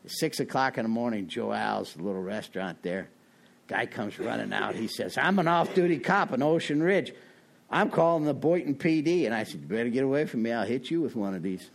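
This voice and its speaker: A middle-aged man telling his own recovery story in a meeting, self-mocking, with sudden loud high bursts. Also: animated, fairly quick, creaky. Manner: self-mocking, laughs at himself. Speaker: recovering alcoholic speaker.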